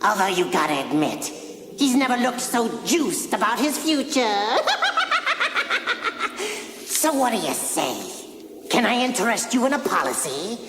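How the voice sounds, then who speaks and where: A gleeful, gravelly crypt ghoul hosting a horror show, his wildly swooping voice lingering on every ghastly pun. The lines crawl out slowly, and the clip is noisy, with a long, hollow reverb. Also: high voice, very animated. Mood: gleeful mocking. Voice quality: gravelly, cackling. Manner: drawn-out ghoulish puns. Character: cackling ghoulish male crypt host, punning and gleeful. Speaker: horror anthology host.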